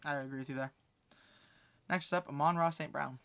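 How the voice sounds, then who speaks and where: A man's voice: a little high, steady tone, fairly quick, creaky, fairly bright tone, clean tone. A man co-hosting a casual sports podcast, reading quiz hints with laid-back, joking banter. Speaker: co-host giving quiz hints.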